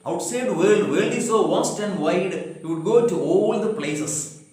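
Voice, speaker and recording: A male teacher talks through a poem at an unhurried pace. His voice sits high, and he keeps repeating and spelling out words. The recording rings with heavy room echo. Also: animated, a little mellow. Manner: repeats and paraphrases words slowly, spells them out. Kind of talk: explaining a poem line by line.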